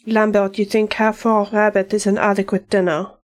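A woman's voice: medium pitch, level tone, moderate pace, lightly acted. A woman reading a fan story aloud, voicing a wary, polite young male witcher who speaks carefully.

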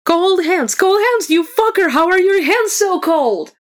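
A woman reading a fan story aloud, voicing a fussy male bard who squalls and scolds in a high, loud voice. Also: expressive, a little slow. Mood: squalling.

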